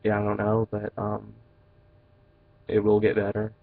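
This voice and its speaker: Teen boy vlogger, flat low delivery, halting with fillers, muffled home-video sound. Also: gravelly, dry recording. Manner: hesitant, halting, many fillers and restarts. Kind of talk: personal confessional vlog.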